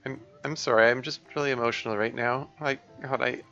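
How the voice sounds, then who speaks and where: A man voicing a tired, emotional young woman who speaks haltingly and sounds subdued. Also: mid-range voice, fairly even intonation, sharp tone, dull audio, soft background music, voice pushed up.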